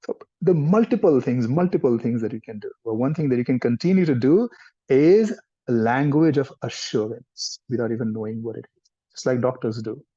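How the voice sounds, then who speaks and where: Soft-spoken trainer, dull recording. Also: male voice, medium pitch, lively intonation, fairly quick, breathy edge. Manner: gentle, explanatory, mixes in Hindi words. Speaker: counseling trainer. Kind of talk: explaining in a live workshop. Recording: dull lo-fi sound.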